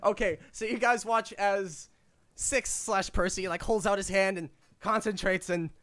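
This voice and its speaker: High-voiced laughing young game master. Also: male voice, steady tone, a little slow, a bit bright, no room sound. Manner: laughs often, loose and chatty. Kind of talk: narrating a tabletop game.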